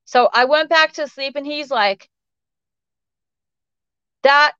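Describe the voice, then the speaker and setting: A woman's voice: sits high, moderate pace, a bit bright, dry recording. A woman guest telling personal stories in a rambling way, with lots of fillers and restarts. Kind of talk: casual storytelling interview. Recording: dull lo-fi audio.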